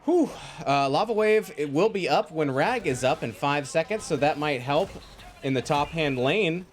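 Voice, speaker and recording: A man delivers live play-by-play for a video game match, his voice sitting fairly high and swinging widely in pitch. He reacts to every fight with energy and chatty asides. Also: a little hiss or hum. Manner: energetic, quick reactions, thanks viewers. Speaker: esports caster.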